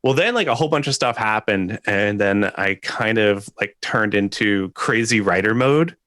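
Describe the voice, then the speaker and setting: Bright-voiced man, laughing casual chat. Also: fairly low pitch, normal speed, dry recording, studio quality. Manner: laughs often, self-deprecating, animated storytelling. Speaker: guest developer and educator.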